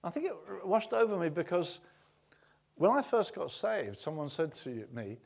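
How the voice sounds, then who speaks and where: A man preaching a sermon, telling the story with animated acting-out and swings from loud exclamations to hushed tones. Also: high voice, unhurried, gravelly.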